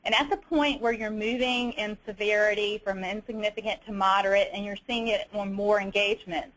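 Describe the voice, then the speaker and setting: A woman's voice: mid-range voice, rough recording. A woman with a Southern US accent presenting a webinar, walking methodically through slides with frequent fillers and restarts.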